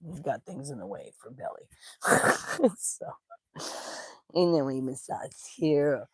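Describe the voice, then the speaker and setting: A woman's voice: deep voice, animated, takes it slowly, breathy edge, no echo. A woman at home on the couch, chatting casually on camera and cooing affectionately at her dogs in baby talk. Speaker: spiritual teacher and vlogger.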